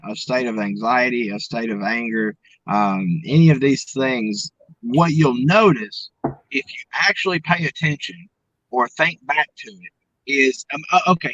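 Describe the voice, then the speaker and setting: A man with an Arkansas drawl speaks as an interview guest, folksy and given to restarts. His mid-pitched voice comes through dull, lo-fi audio that sounds dry, with no room around it. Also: fairly bright tone, no room sound. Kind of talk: casual interview chat.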